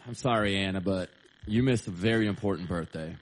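A man's voice: deep voice, a little fast, a little hiss or hum. A man hosting a morning radio show, bantering playfully and teasing his co-hosts. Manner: playful, teasing, laughs often. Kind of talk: casual on-air banter.

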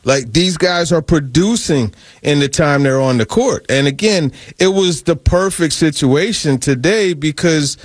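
A man co-hosts a sports radio show, breaking down basketball plays with animated emphasis. His voice sits a little high. The studio sound is close and dry. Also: a little slow, hardly any pauses, dry recording. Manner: animated, emphatic, repeats words. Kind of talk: casual sports talk.

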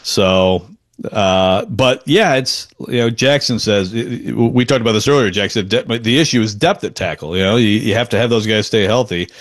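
A man's voice: fairly low pitch, normal speed. A man co-hosting a casual sports talk show, rambling and restarting his sentences, chuckling as he goes. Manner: rambling, self-interrupting, chuckles often. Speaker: sports podcast co-host.

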